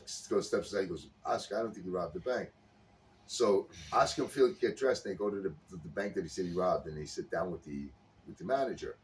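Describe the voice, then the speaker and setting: A deep-voiced podcast co-host talks quickly in a casual chat, animatedly retelling a sitcom scene and voicing the characters. There's faint background noise, and the mic is a bit far away.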